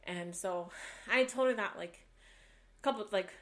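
A young woman co-hosting a casual podcast, speaking softly as she rambles through a family story with plenty of "um" and "like". Her pitch sits in a middle register. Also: normal speed. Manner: soft, rambling storytelling with fillers. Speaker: podcast co-host. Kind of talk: casual chat.

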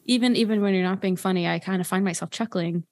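A woman's voice: medium pitch, fast, darkish tone, dry recording. A woman co-hosting a comedic improv podcast, chatty, wry and self-deprecating. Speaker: podcast co-host.

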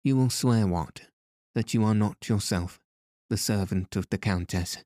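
Man doing a cool sneaky ex-cop type, low dark voice, slow, dry close sound. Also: no echo, natural voice. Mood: insinuating. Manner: cool, insinuating, threatening. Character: sly, menacing former detective, about forty.

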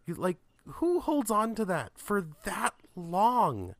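A man's voice: sits high, huge pitch swings, slow, dry recording. A man in casual chat who talks in a laid-back, joking way and laughs easily.

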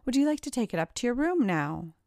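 A woman's voice: on the high side, sing-song, fairly quick, a little mellow, no room sound, clean studio sound, voice pushed up. Woman voicing a polite female desk clerk.

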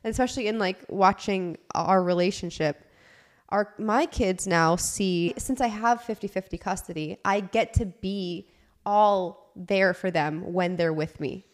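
A woman's voice: medium pitch, measured pace. A woman hosting a casual group podcast chat, talking in an emphatic, advice-giving way.

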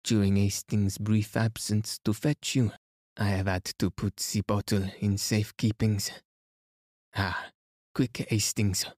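A man reading aloud as a fastidious elderly detective, speaking gently and gravely. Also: fairly low pitch, little pitch movement, dry recording, clean studio sound. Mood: placid. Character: fastidious elderly male detective, calm and placid.

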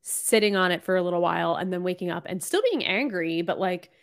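A woman's voice: fairly low pitch, a little fast, creaky. A woman co-hosting a podcast, talking casually in a conversational, exasperated way, leaning on "like" a lot. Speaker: podcast co-host. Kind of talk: casual chat recapping reality TV.

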